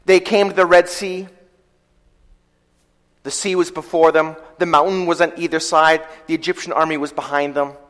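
A man's voice: a little high, steady tone, fairly bright tone, clear, resonant tone. Man preaching in a reverberant hall. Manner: storytelling, swells and drops in volume, slows for quoted scripture. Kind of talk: sermon with scripture reading.

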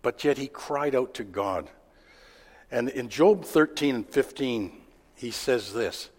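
A man's voice: mid-range voice, expressive, a little mellow. Preacher man in a reverberant hall. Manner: plain-spoken, halting with fillers and restarts. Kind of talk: sermon.

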